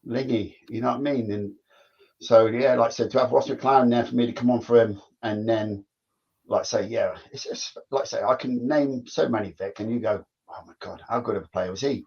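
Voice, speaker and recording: A man's voice: mid-range voice, steady tone, normal speed, darkish tone, husky. A man, a former footballer telling stories in casual chat, rambling and repeating himself. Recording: dull lo-fi sound.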